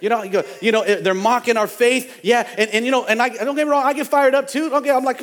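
High-voiced pastor preaching in a reverberant hall. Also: male voice, fast talker, few pauses. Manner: fiery preaching that builds to shouting, with repeated phrases. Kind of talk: sermon. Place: church sanctuary.

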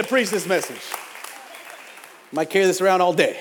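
Fired-up preacher guy, high voice, big church reverb, yells and repeats himself. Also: lively intonation, normal speed, a faint crowd, slight background noise. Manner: fiery preaching that builds to shouting, with repeated phrases. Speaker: pastor. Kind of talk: sermon. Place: church sanctuary.

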